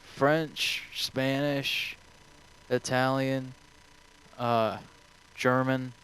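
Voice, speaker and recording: A man's voice: medium pitch, flat delivery, extremely slow, a bit bright, clean tone, low-quality recording. A young man streaming, answering viewer questions in a rambling, offhand way full of swearing. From United States.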